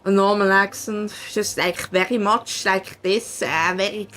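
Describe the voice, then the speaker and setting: A woman's voice: mid-range voice, steady tone, measured pace, a bit bright. A young woman with a light Swiss English accent chatting casually with her viewers during a game stream, playful and teasing. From Switzerland. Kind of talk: casual gaming stream chat. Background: faint background music.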